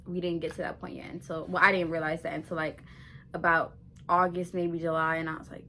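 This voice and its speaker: Young female vlogger, crisp bright tone, slightly low pitch, chatty and slangy storytelling. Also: fast talker, a little hiss or hum. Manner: animated, slangy, swears freely. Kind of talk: casual storytelling to camera.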